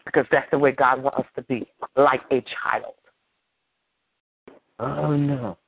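A man's voice: medium pitch, flat delivery, moderate pace, vocal fry, a little hiss or hum. A man preaching a sermon as pastor, emphatic and repetitive, drawing call-and-response from the congregation. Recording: tinny phone-like dry sound.

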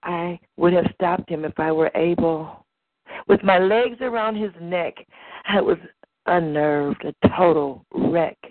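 A woman performing spoken word poetry at an open mic with a slow, rhythmic, rhyming delivery. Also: lowish voice, no room sound. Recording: tinny phone-like recording.

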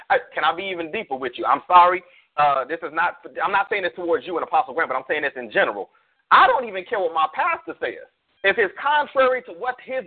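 A man, a pastor, talking casually on a church call show, preaching through slangy stories and hypotheticals. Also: high voice. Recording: tinny phone-like call audio.

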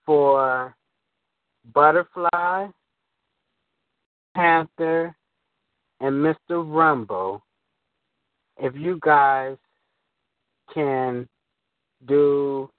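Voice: medium pitch, dry recording. An emotional, giggling caller who rambles cheerfully on a call-in show over the phone. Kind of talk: casual call-in chat. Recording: phone line.

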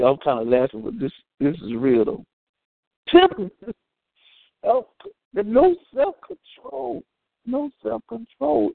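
A man preaching a sermon in an animated, humorous way, calling out to his congregation. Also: sits high, no echo. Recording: thin phone-like sound, dry.

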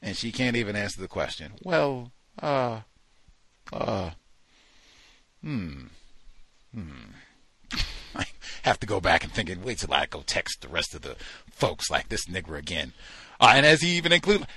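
Low-voiced man hosting a talk show. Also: expressive, unhurried, long pauses, bright, forceful tone, slightly rough, no room sound. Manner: incredulous, mocking, acts out quoted people. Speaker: host. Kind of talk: call-in talk show commentary.

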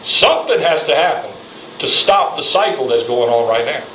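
This pastor's animated, fairly bright mid-range voice carries at normal speed through a fiery sermon in a church sanctuary. He rises in intensity and calls out for amens from the congregation. The mic sits far away, so the sound is echoey with slight background noise.

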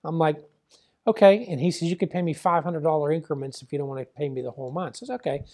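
An older man from the Pittsburgh area tells a long family story in an interview. He rambles and keeps reporting back-and-forth dialogue with "he goes" and "I says." He sounds like a plainspoken father remembering things out loud. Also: a little high, fairly even intonation, very fast. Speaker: former wrestling promoter and father.

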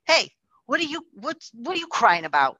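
A woman's voice: a little high, very animated, moderate pace, sharp tone, breathy edge, no room sound, voice pushed up, full character voice. A woman quoting a brash blunt cowboy. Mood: pushy. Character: brash blunt middle-aged cowboy man.

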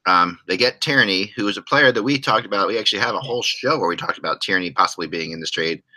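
Male podcast host, middle-aged, low and bright voice, loose joking delivery with restarts. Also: fast, rough recording. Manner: rambling, restarts often, joking. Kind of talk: casual hockey podcast chat.

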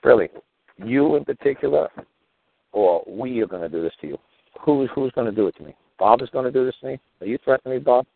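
A man's voice: mid-range voice, lively intonation, fast talker, creaky, breathy edge. A man hosting a talk show, delivering a combative monologue full of rhetorical questions. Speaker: show host. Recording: tinny phone-like radio audio.

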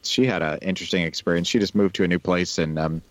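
Low-voiced relaxed podcast man. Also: fast, no room sound. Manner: chatty, relaxed, laughs easily. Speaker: podcast co-host. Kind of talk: casual chat.

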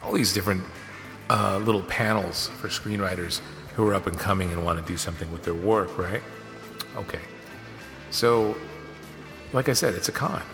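A man's voice: low-pitched, normal speed, vocal fry. A man hosting his own podcast, telling stories casually and acting out what other people said. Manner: animated, acts out quoted dialogue. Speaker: podcast host. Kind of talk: casual storytelling monologue. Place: home office studio. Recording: long reverb with music behind.

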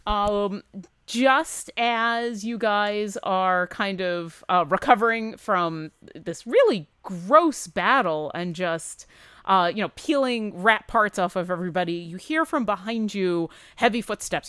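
A woman's voice: mid-range voice, measured pace, a bit bright, clear, resonant tone, no echo, studio quality. A woman narrating a tabletop game as game master, easygoing and loose with frequent fillers.

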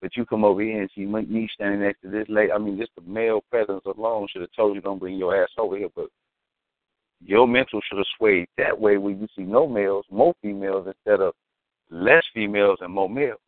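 A man's voice: fairly low pitch, steady tone, a little fast, no echo. A man telling a rambling, profane, slang-heavy story with philosophical asides. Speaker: storyteller guest. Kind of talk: casual storytelling. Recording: tinny phone-like, dry.

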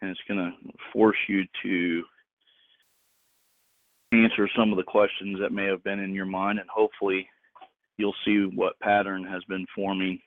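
A man hosting a Bible teaching segment on a call-in show, talking in a relaxed, rambling way with jokes. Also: low voice, no room sound. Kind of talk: casual talk, teaching. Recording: tinny phone-line sound, dry.

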